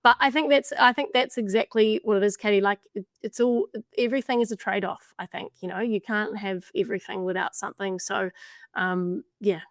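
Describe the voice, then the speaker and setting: A woman's voice: medium pitch, steady tone, brisk, no room sound, studio quality. A woman co-hosting a podcast, musing in casual chat and hedging her points. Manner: reflective, hedging with "I think" and "like". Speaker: podcast co-host.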